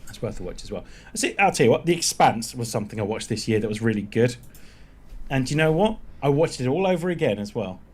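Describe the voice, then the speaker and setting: Lively, swearing man. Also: medium pitch, fast talker, few pauses, husky. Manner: profane, teasing banter. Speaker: podcast co-host. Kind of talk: casual chat.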